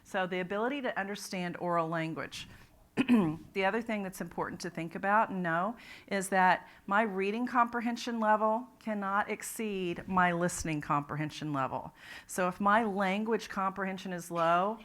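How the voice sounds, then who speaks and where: A woman's voice: mid-range voice, moderate pace, a bit bright. A woman presenting a literacy talk at a conference, explaining ideas step by step with frequent restarts. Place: conference room.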